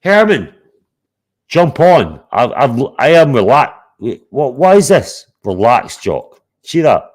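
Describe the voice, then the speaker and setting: A man's voice: medium pitch, animated, measured pace, hardly any pauses. A man hosting a live stream, talking bluntly and confrontationally, swearing a lot. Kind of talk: heated live stream chat.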